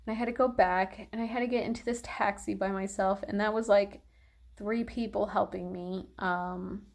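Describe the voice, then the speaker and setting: A woman's voice: mid-range voice, fairly even intonation, normal speed, a little mellow. A young woman vlogger telling a long personal story in a casual, rambling way, full of fillers and "like".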